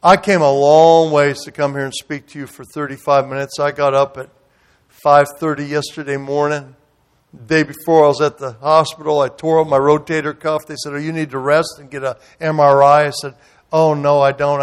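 A man preaching a sermon as guest pastor in a church, telling a story dramatically and swinging from loud outrage to hushed tenderness. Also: on the high side, level tone, moderate pace, smooth.

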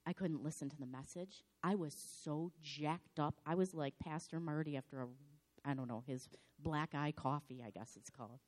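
A slightly hoarse woman pastor giving a sermon in a dramatic, animated storytelling manner. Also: deep voice, moderate pace.

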